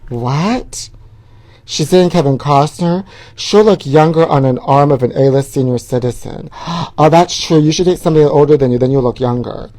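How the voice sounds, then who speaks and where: A man's voice: on the high side, mellow. A middle-aged man hosting a show, reading tabloid headlines aloud and riffing on them in a sassy, flamboyant way, calling the audience honey. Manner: sassy, flamboyant, calls viewers honey, reads headlines then riffs. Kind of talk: campy gossip commentary.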